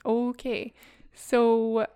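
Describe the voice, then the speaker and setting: A chatty woman from the area with a slightly high, smooth and clear voice. She talks casually and laughs easily while walking a friend through a story. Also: monotone, very slow, dark tone. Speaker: podcast co-host telling a ghost story. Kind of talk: casual chat.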